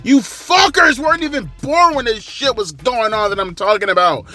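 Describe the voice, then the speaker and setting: A man's voice: extremely high pitch, moderate pace, bright, forceful tone, faint music behind. A man in his thirties giving a profane, ranting review of a wrestling show from his living room. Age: 30s. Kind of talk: ranting casual commentary.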